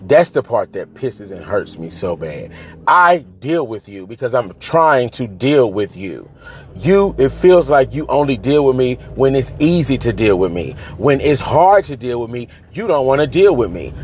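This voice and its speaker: A man in an angry, profane rant, swinging between raised outbursts and low, bitter muttering. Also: sing-song, moderate pace, slight background noise.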